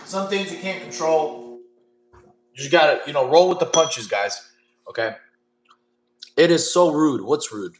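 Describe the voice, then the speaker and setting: A man chatting casually with his livestream audience and answering questions, laid-back and quick to laugh. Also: fairly high pitch, reverberant, poor audio. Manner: laid-back, chatty, laughs often, addresses chat as y'all. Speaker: streamer answering chat questions.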